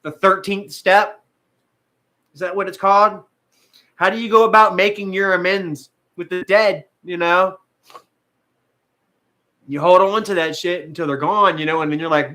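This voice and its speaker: A man's voice: high-pitched, normal speed, long pauses, pushed and bright. A man vlogging live to his viewers, rambling with lots of fillers and swearing, at times tearful and emotional. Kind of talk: emotional casual livestream talk.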